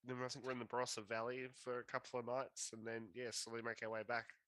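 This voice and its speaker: A man's voice: mid-range voice, monotone, fast, fairly bright tone. A man with an Australian accent co-hosting a podcast, giving brief, easygoing replies in casual chat. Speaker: podcast co-host.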